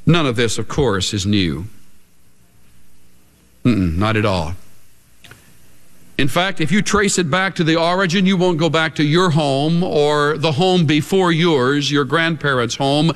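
A man preaching a sermon, emphatic, with big swings between high and low. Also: lively intonation, a little slow, pauses often, fairly bright tone. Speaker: pastor. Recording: long reverb of a large hall.

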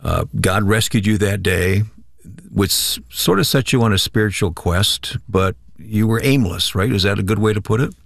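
A man's voice: fairly low pitch, normal speed, vocal fry, no room sound, clean studio sound. A man hosting an interview, summing up his guest's story and asking leading questions. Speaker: interview host. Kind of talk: conversational interview.

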